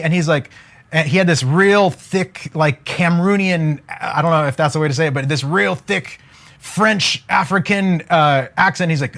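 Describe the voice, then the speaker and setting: A man coaching on wealth during a live stream, energetic and casual, joking and preacher-like as he keeps asking viewers to comment. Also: on the high side, normal speed.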